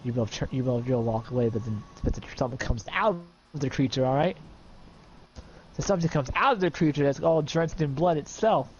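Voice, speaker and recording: A man's voice: medium pitch, a little fast, lo-fi sound, a little hiss or hum. A man improvising an adventure story for a friend in casual voice chat, rambling with lots of fillers and checking in with the listener.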